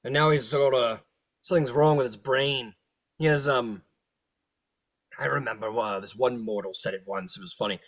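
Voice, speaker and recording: A man's voice: medium pitch, moderate pace, pauses often, fairly bright tone, close to an everyday voice. A man voicing crude, bullying male devil soldiers who sneer and swear.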